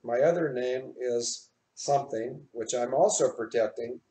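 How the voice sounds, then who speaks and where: A man's voice: medium pitch, a little slow, mellow. A man hosting an online show from his office, talking in a rambling, heartfelt way and spelling out names as he goes. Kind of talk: rambling live-stream chat.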